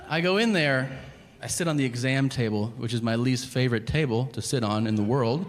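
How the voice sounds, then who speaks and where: A man performing stand-up comedy, telling stories in a profane, animated way and acting out both sides of each exchange. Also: fast. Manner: animated, profane, acts out both sides of dialogues, voice jumping high for disbelief. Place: comedy stage before a laughing audience. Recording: live stage mic with audible noise.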